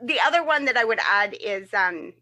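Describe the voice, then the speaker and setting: In a slightly high, pushed, bright voice with lively intonation, this podcast co-host talks at normal speed. Her casual chat wanders a lot and is packed with filler words.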